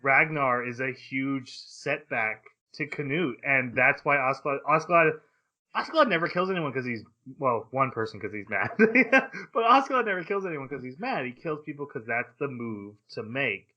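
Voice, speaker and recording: An excitable man co-hosting a casual podcast, laughing often and tripping over his restarts. His voice is bright and forceful. The recording sounds dull and muffled, with the top end rolled off. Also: medium pitch, normal speed. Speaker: podcast co-host. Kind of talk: casual anime podcast chat.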